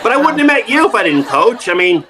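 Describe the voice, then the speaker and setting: A man's voice: sits high, very animated, quick pace, a crowd in the background, background noise. A man, an acting coach, telling self-mocking comic stories in an interview, laughing often and acting out the voices he quotes, on a video call.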